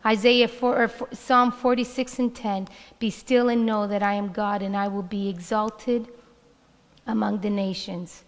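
Slow, high-voiced woman pastor preaching. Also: steady tone, fairly bright tone. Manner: reads scripture slowly and emphatically, repeating lines. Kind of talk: sermon. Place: church sanctuary. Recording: reverberant church hall with music. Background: worship band music.

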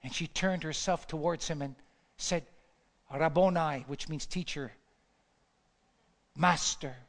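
A pastor delivers a sermon in a high, ringing voice, slow and fairly bright in tone. He repeats phrases again and again for emphasis, building to fervent peaks, and the long reverb of a large church hall surrounds him.

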